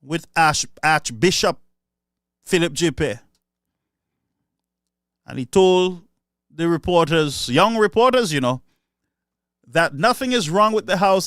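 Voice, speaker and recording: Fiery high-voiced Saint Lucian man. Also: expressive, slow pace, pauses often, fairly bright tone, no room sound, studio quality. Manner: sarcastic, mocking and fiery. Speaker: political commentator. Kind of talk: impassioned political speech.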